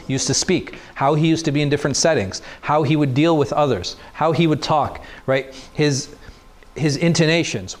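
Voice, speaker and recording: A man lecturing a class, explaining things step by step and asking the students questions he then answers himself. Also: a little high. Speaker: teacher. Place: mosque classroom.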